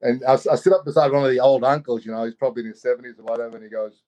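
Animated man telling a story. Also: medium pitch, rapid-fire. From Australia. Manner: animated, acts out quoted voices, many "you know"s. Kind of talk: personal storytelling.

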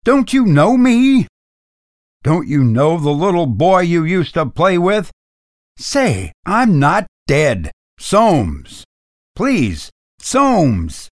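An imperious young master of a house, voiced by a man reading a story, gives stern, indignant commands. His voice swings widely in pitch, and the sound is close and dry. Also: big pitch swings, measured pace, dry recording. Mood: pleading.

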